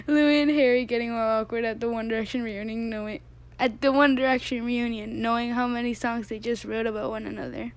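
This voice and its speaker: A woman's voice: a little high, fairly even intonation, normal speed. A young woman reading fan tweets aloud in a casual way, often breaking into laughter. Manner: giggly, keeps breaking into laughter.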